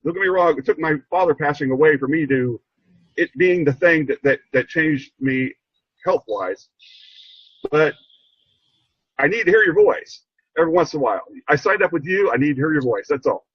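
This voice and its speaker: An older man sharing a heartfelt story on a video call, earnest and halting, repeating himself as he gets choked up. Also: a little high, lively intonation, slightly rough, no room sound, lo-fi sound. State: emotional, choked up. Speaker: program participant sharing a story. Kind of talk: heartfelt rambling testimony.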